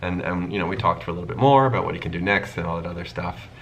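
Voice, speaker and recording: A man's voice: sits low, very fast, a little hiss or hum, rough recording. A man hosting his own channel, telling a casual storytime and acting out the people in it as he goes. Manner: animated storytelling, acting out the dialogue. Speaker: YouTube host.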